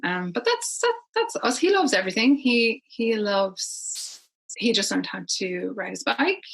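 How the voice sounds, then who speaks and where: A middle-aged woman talks easily as a podcast guest, rambling from one thought to the next and breaking into laughs. Her voice is husky and a little breathy. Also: mid-range voice, lively intonation, a little slow, rough recording. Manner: chatty, rambling, laughs often. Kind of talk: casual conversation.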